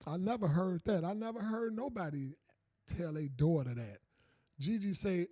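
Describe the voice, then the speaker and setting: High-voiced man hosting a chatty podcast. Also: expressive, normal speed, dark tone, no echo, clean studio sound. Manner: repetitive, loose, talks straight to viewers. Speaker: podcast host. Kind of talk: casual call-in podcast chat.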